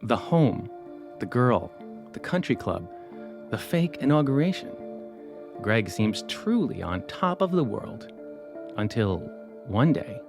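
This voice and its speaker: Podcast host guy reading his narration, voice swoops around a lot, pauses for drama. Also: mid-range voice, big pitch swings, creaky, music in the background. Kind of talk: scripted narration.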